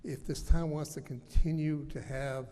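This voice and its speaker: A man's voice: a little high, fairly even intonation, moderate pace, warm tone. A man serving as town selectman, making an earnest, persuasive speech from the floor of a public meeting. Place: large town meeting hall. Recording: echoey hall, faint room noise.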